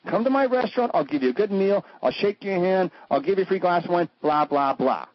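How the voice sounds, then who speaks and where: Husky, flamboyant man on talk radio. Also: fairly quick, no echo. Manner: flamboyant, jokey, swoops into high mock voices. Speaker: radio show guest. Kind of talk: animated talk-radio chat. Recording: dull lo-fi radio audio.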